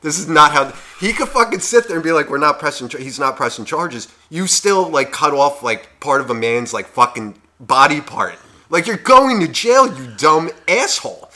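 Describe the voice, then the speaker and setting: A man's voice: fairly high pitch, big pitch swings, normal speed, pushed and bright. A young man co-hosting a podcast, telling a story in casual chat, rambling and swearing, with lots of fillers. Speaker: podcast co-host.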